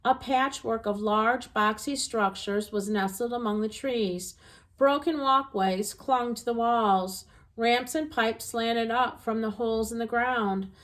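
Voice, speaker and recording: A woman narrating a children's storybook aloud in an expressive, gentle reading voice. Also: a little high, takes it slowly.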